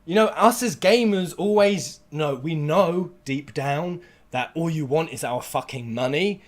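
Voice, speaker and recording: A man giving an angry, sweary rant to camera as a gaming vlogger, with bursts of near-shouting. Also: fairly high pitch, measured pace.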